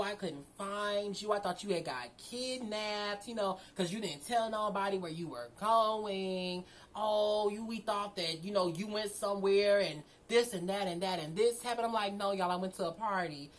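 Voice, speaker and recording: A young woman casually telling a story from her own life, animated, full of slang and swearing. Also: mid-range voice, poor audio.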